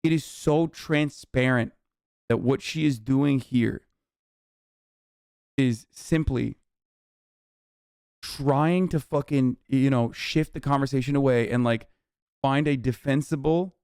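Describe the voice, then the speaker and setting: A man's voice: mid-range voice, slow, pauses often, a little mellow, clear, resonant tone, dry recording, studio quality. A man streaming to his chat, ranting angrily about politics with lots of swearing and sarcasm. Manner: profane, heated, sarcastic. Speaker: streamer reacting to news. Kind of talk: angry political rant to chat.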